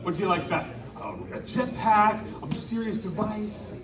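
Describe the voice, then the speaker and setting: A man hosting an interactive live storytelling show, animatedly coaxing the audience to shout along. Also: high-pitched, moderate pace. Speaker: live children's storytelling performer. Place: outdoor winter carnival stage. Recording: echoey, distant live stage recording with crowd. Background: audience noise.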